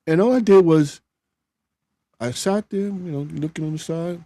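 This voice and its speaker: A man's voice: on the high side, normal speed, dark tone, dry recording. A middle-aged man hosting a live show, talking in a plainspoken, conversational way with frequent restarts as he reads out viewer comments. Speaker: host reading viewer comments. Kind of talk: casual live-stream chat.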